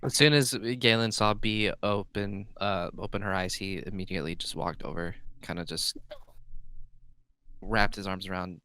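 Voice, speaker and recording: Man player, very low and smooth, unhurried and understated. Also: steady tone, sharp tone, poor audio. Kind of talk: narrating a character in a tabletop game.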